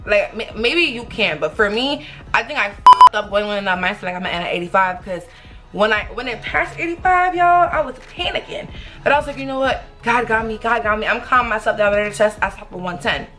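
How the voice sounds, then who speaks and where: A young woman telling viewers a story in a casual, animated vlog, talking straight to them. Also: medium pitch, a little fast, faint music behind. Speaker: vlogger.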